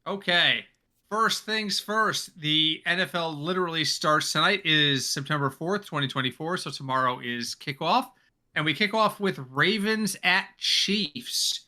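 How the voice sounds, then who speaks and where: A man's voice: fairly high pitch, unhurried, pushed and bright. A man co-hosting a football podcast, chatty and joking, a little tired, talking in casual chat. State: tired, yawning. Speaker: podcast co-host.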